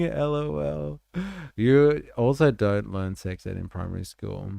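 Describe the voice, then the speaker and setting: Gravelly low-voiced man streaming. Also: expressive, a little slow, no room sound, clean studio sound. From Australia. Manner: swearing, laughing, reacting loudly. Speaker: live-stream host. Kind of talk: casual commentary on clips.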